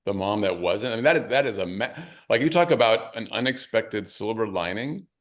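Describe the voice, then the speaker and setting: A middle-aged man, an author and caregiver, talking things through in a halting, reflective way during an interview. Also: fairly low pitch, expressive. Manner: reflective, halting, many restarts. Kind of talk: conversational interview.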